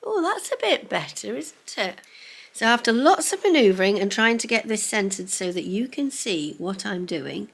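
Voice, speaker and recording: A middle-aged woman, talking casually to camera at home in a vlog, chatty and excitable and often dropping into a whisper. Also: medium pitch, moderate pace, vocal fry, breathy edge. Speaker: vlogger. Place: home, indoors.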